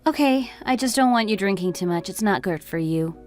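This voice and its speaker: A woman voicing a caring young wife who speaks softly and with concern. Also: medium pitch, expressive, brisk, faint music behind, lightly acted.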